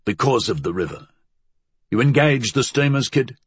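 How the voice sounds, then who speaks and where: A man voicing a rough, bearded male thief who talks gruffly. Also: medium pitch, lively intonation, normal speed, no room sound.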